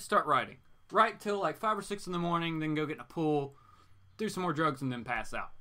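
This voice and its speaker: A man with a bright, forceful voice hosting a live comics stream in a loose, rambling way. He sits a little higher in pitch than most men and keeps chatting back to the people watching. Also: lively intonation, a little fast. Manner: rambling and chatty, answers viewer comments. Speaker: comics show host. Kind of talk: casual live-stream chat.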